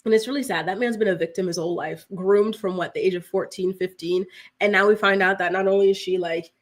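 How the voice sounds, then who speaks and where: A woman's voice: mid-range voice, steady tone, fast talker. A woman hosting a live celebrity gossip show, chatting casually with many "like"s and reading out viewer comments. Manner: chatty, heavy use of "like", reads out viewer comments. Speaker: host of a celebrity news show.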